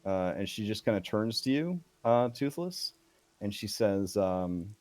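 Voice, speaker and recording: A man narrating as game master of a tabletop game, slow and hesitant with many fillers. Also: fairly low pitch, lively intonation, darkish tone, no room sound.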